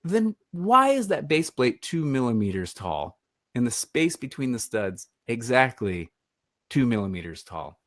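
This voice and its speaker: A Michigan man with a mid-range, fairly bright voice gives a casual webinar over a computer microphone, very animated yet unhurried. He's chatty and self-deprecating, wandering into rambling asides, and the recording has no echo.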